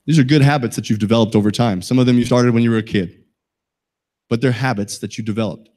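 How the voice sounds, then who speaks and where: A man's voice: mid-range voice, fairly even intonation, fast, a little mellow. Folksy man giving a safety talk. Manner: folksy, joking, asks the audience questions. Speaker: safety presenter. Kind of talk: talk to a live audience.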